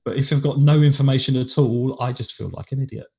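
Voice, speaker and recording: An English man co-hosts a podcast with an easygoing, rambling delivery. His voice sits at a plain middle pitch, and his sentences often stall and restart before they land. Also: steady tone, quick pace, mellow. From England. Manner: chatty, rambling, with frequent restarts. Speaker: podcast co-host. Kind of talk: casual chat.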